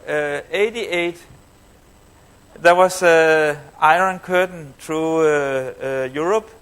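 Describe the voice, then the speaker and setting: A man in his fifties gives a storytelling keynote on stage, speaking to a live audience. His voice sits fairly high for a man, and he talks haltingly, with frequent fillers and restarts. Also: fairly bright tone, smooth. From Denmark. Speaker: conference speaker.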